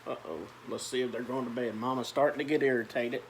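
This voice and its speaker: A man's voice: medium pitch, steady tone, quick pace, a little hiss or hum. A man reading a children's picture book aloud, with chatty asides about the pictures. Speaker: storyteller.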